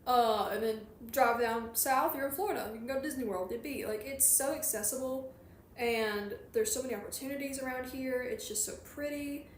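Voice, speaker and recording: A woman's voice: sits high, fairly quick, slight background noise. Chatty Southern woman, echoey room. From Georgia, USA. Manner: rambling, chatty, reads and answers chat. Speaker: streamer. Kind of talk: casual chat while crocheting on a livestream.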